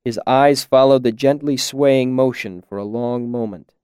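A man narrating a story in a measured, expressive way. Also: mid-range voice, clean tone, no echo, studio quality. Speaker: audiobook narrator. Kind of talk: scripted narration.

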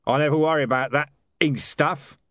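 Male reader voicing a loud, blunt, swearing thug, higher than his own voice, dry sound. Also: fairly even intonation, brisk, dry recording, lightly acted. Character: crude, blunt hired thug, man.

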